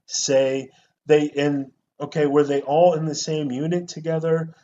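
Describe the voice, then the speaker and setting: A man co-hosting a podcast in casual movie review chat, animated and mocking lines in put-on voices. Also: a little high, a little slow, lo-fi sound, slight background noise. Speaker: podcast co-host.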